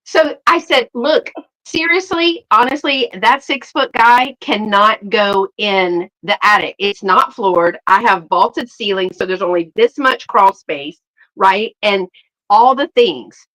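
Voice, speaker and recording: A woman's voice: mid-range voice, slow pace, poor audio. A middle-aged woman hosts a live sale, telling a story in casual chat, acting out quotes with a laugh in her voice. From Southern United States. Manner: animated, acts out quotes, laughs often.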